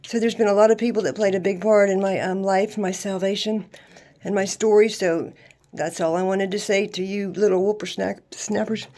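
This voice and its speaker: A woman's voice: medium pitch, moderate pace. A woman, telling her life story in an emphatic, faith-filled monologue. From Louisiana, USA. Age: 60s. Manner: lively, emphatic testimony with faith talk. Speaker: vlogger.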